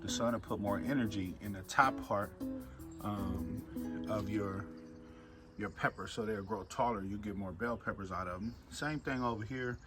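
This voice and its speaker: A man casually walking viewers through his home garden, chatty and relaxed, calling them y'all. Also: lowish voice, moderate pace. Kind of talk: casual walk-through narration. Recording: music playing clearly behind the voice.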